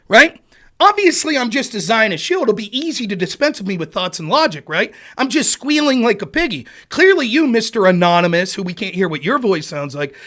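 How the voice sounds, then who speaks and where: A man on a live stream, profane and sarcastic, his voice swinging wildly up and down as he taunts and shouts. His tone is bright and edgy throughout. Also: very high voice. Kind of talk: angry live-stream rant.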